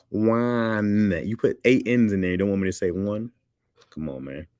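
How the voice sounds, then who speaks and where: A man's voice: low voice, very animated, normal speed, darkish tone, no room sound, studio quality. A man hosting a livestream, joking loosely, laughing often and reading chat comments aloud.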